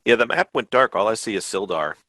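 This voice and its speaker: Male player with a bright, low voice. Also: animated, fast talker, no echo, studio quality. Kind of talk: tabletop game play.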